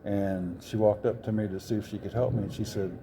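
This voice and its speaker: A man's voice: fairly low pitch, fairly even intonation, fairly quick, mellow, slight background noise. Earnest older man telling a long story. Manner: earnest, rambling, with self-corrections. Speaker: interview guest, author. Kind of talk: personal storytelling. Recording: crowd chatter behind.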